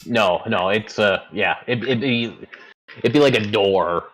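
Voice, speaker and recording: A man's voice: on the low side, a little slow, a little hiss or hum, rough recording. A man narrating as game master in a tabletop game, rambling and searching for words as he describes the scene.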